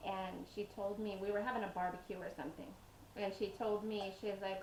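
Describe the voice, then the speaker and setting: A woman talks casually and rambles a little as she bakes in her home kitchen. Her voice sits at an ordinary middle pitch and bounces around a hard, echoey room. A faint hum runs underneath. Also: little pitch movement, brisk, darkish tone. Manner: chatty, rambling, laughs while telling stories. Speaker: home cooking vlogger. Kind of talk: casual storytelling while baking.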